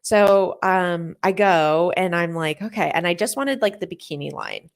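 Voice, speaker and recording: A woman's voice: fairly low pitch, normal speed. A woman in her thirties, a podcast co-host chatting casually, telling a long story that she acts out with quoted dialogue and frequent laughter. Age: 30s. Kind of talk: casual chat.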